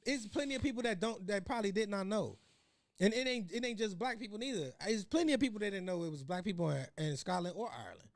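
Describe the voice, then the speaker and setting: Animated and fast-talking, this Chicago man with a West Side accent has a high voice recorded with no echo. Co-hosting a laid-back podcast, he keeps restarting his rambling stories and laughing as he tells them.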